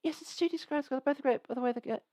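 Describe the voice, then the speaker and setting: A woman's voice: high-pitched, rapid-fire, mellow, no room sound. Chatty woman streaming games. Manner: rambling, chatty, lots of restarts and asides. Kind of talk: casual live game stream chat.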